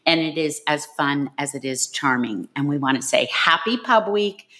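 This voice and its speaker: A woman's voice: sits low, lively intonation, normal speed, sharp tone. A woman co-hosting a book podcast, introducing a guest and asking questions with enthusiasm. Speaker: podcast co-host.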